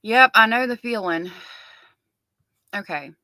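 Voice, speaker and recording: A woman's voice: on the high side, slow, sharp tone, no room sound, poor audio. A middle-aged woman hosting a casual livestream, chatting with viewers and reading their comments aloud. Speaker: livestream host covering a trial.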